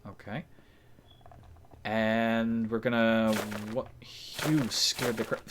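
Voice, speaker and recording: A man's voice: medium pitch, flat delivery, takes it slowly, noisy background. A man streaming himself building in a game, chatting casually and rambling to himself with frequent chuckles.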